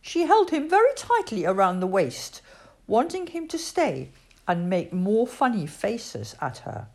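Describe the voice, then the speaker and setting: Slow, lively woman reading a storybook. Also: mid-range voice. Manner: expressive storytelling with put-on voices. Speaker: storybook reader. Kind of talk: read-aloud children's storybook.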